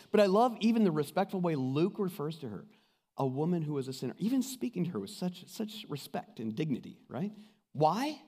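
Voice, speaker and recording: Animated male pastor in a reverberant hall. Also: high-pitched. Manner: animated storytelling, acts out quoted voices. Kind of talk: sermon.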